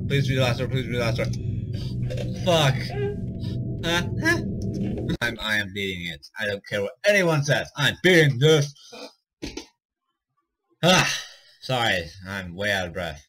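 A man's voice: medium pitch, expressive, moderate pace, background noise. A young man doing let's play commentary, panicky and swearing a lot, with frequent nervous laughter. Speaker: gaming commentator.

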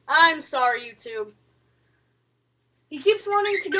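A young woman with a high voice chats casually to her camera at home, showing off her pets. She slips into cooing baby talk whenever she speaks to the animals. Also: expressive, normal speed, fairly bright tone. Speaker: vlogger. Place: at home indoors.

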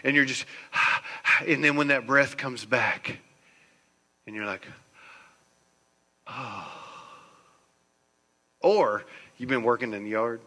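A man preaching a sermon as pastor, swinging between hushed, slow phrases and loud, emphatic ones. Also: mid-range voice. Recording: long church hall reverb.

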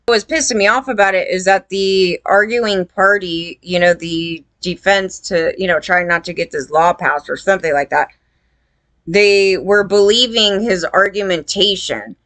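A woman's voice: mid-range voice, moderate pace, fairly bright tone, no room sound. A woman talking to her viewers in a rambling, indignant casual monologue, full of fillers. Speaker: vlogger.

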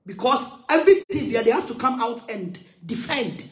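A woman ranting loudly in a heated monologue, switching between English and Twi, with shouting and sing-song outbursts. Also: fairly high pitch, expressive, moderate pace, echoey room. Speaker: social media commentator.

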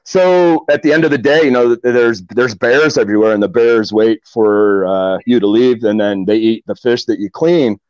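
A man's voice: mid-range voice, normal speed, hardly any pauses, no echo, muffled recording. Rambling middle-aged man telling fishing stories. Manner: rambling, animated storyteller with many fillers and restarts. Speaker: kayak angler guest. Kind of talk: casual storytelling interview.

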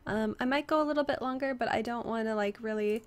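A woman's voice: fairly high pitch, fast talker. Chatty young woman with a strained voice. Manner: chatty, reads chat aloud, greets viewers by name, many "like" fillers. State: slightly strained voice, resting it. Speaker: game streamer. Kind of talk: casual livestream chat. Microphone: headset.

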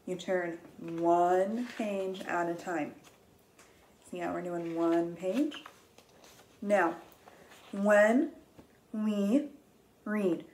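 Slow, patient woman reading to children. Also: mid-range voice, rough recording. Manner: gentle and patient, counting aloud with gasps of wonder. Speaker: teacher reading aloud to children. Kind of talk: slow read-aloud lesson for young children.

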